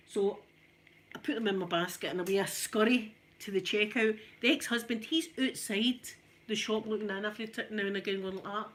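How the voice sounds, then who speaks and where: A middle-aged Scottish woman chatting and telling a funny story while she irons, animated and laughing often. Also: medium pitch, brisk, a little hiss or hum. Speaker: ASMR channel host. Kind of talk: casual storytelling while ironing.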